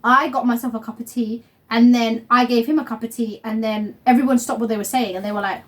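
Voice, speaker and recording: A woman's voice: a little high, fast. A woman chatting casually and animatedly, acting out the people in her stories. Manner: animated storyteller, acts out quotes. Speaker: vlogger. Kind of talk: casual chat.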